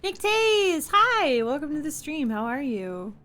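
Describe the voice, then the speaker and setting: Slow-talking giggly young woman streamer. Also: high-pitched, big pitch swings, sharp tone, soft background music. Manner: bubbly, giggly, chatty with viewers. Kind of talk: casual live-stream chat.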